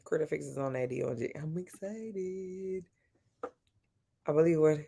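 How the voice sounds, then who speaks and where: A woman's voice: deep voice, a little slow, gravelly, dark tone, breathy edge. A woman from Louisiana with a Louisiana accent, chatting casually and playfully with viewers at home on a live stream. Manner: sassy, playful, talks straight to her viewers. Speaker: live streamer answering chat. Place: at home at night.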